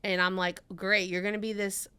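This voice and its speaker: Woman guest from Mississippi, chatty storyteller, smooth bright tone, podcast chat. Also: medium pitch, level tone, a little fast. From Mississippi, USA. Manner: chatty storyteller who acts out her own quotes.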